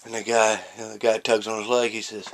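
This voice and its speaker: Guy telling jokes, kinda low voice, rambly with lots of ums, gets loud and hyped doing the characters. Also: fast talker. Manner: rambling with many fillers and restarts; jumps to loud, excited bursts for character lines. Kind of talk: casual joke telling.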